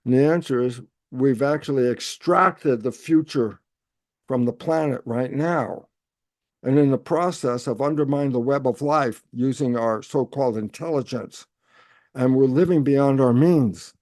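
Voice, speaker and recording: A man speaking as an interview guest, explaining in an animated way and answering his own rhetorical questions. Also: mid-range voice, measured pace, dry recording, studio quality.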